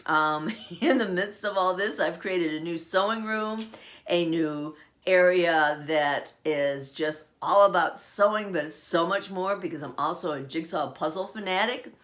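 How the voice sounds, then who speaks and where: A woman's voice: lowish voice, measured pace, a bit bright. A middle-aged woman hosting her own podcast, chatting on her own and laughing often as she acts out everyday sayings. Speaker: podcast host. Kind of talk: casual solo podcast musing.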